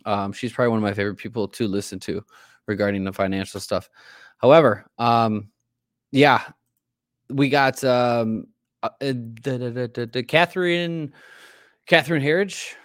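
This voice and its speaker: A man's voice: medium pitch, moderate pace, dry recording, clean studio sound. A man co-hosting a casual political podcast, rambling with many fillers and restarts. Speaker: podcast co-host.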